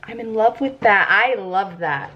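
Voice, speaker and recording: A young woman talks through her makeup in a casual, chatty way, often giggling and getting excited. Her voice sits at an ordinary pitch for a woman. The sound is a little dull and lo-fi, as if caught on a camera mic at home. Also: a little slow. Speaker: beauty vlogger. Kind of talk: casual makeup tutorial chat. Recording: slightly dull lo-fi audio.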